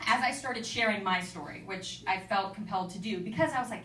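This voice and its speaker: A young woman telling a personal story at an event, candid and self-deprecating with quick asides. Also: mid-range voice, bright, forceful tone, a little hiss or hum. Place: event venue with an audience. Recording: echoey room, mic from a distance.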